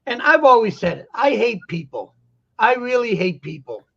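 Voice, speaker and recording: A man with a Boston accent chatting casually on a talk show, telling stories and jokes in an animated way. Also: extremely high pitch, moderate pace, vocal fry, breathy edge, highs cut off. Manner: joking, animated storyteller. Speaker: guest vendor. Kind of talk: casual chat. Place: lives in Florida.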